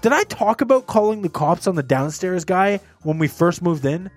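A man hosting a podcast, telling stories in casual chat with an animated, swearing manner. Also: high-pitched, moderate pace, faint music behind. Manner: animated, swearing, laughing, acting out quotes. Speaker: podcast host.

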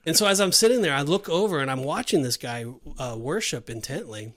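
A man's voice: a little high, quick pace. A middle-aged man on a podcast, telling a story in casual chat and acting out the dialogue. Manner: animated storyteller, acts out dialogue. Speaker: podcast co-host.

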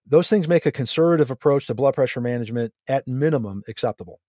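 A man, a guest emergency physician on a podcast, explaining his reasoning in a measured way. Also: medium pitch, expressive, mellow, no room sound, studio quality. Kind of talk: podcast discussion.

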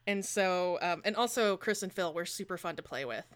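A woman co-hosting a tabletop game podcast, recounting her character's moves with animated storytelling and laughter. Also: fairly low pitch, normal speed. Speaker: podcast co-host and tabletop player. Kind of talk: casual chat and in-game narration.

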